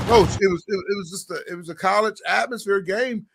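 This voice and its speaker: A man hosting a casual high school basketball talk show, rambling and animated, often addressing his co-host. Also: brisk, gravelly, few pauses, noisy background. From Oklahoma, US. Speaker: podcast host.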